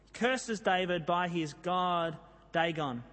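A man with a high voice preaches in a church hall, where his words trail off in a long reverb. He tells the story in a lively way and reads scripture with drama. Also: takes it slowly. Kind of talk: sermon.

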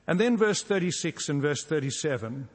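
A man preaching a sermon, earnest and emphatic, repeating key phrases and dropping suddenly soft to drive a point home. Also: on the high side, lively intonation, moderate pace, husky. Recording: long reverb from a large hall.

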